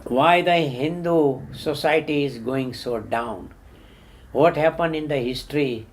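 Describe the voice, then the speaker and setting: An older man delivering an impassioned talk with a voice pitched a little above the usual. He is emphatic, doubling back on words, and his questions jump up sharply. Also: measured pace, a little hiss or hum. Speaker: Hindu activist.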